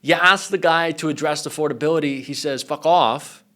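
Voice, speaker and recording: A man's voice: a little high, fairly quick, sharp tone, slight background noise. A young man giving emphatic, indignant political commentary.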